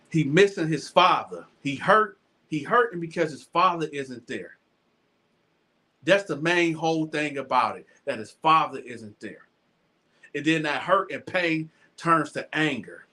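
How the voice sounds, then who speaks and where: A show host with a high, bright voice tells his viewers a story in a loose, animated monologue. He stumbles, restarts phrases, and repeats lines for emphasis.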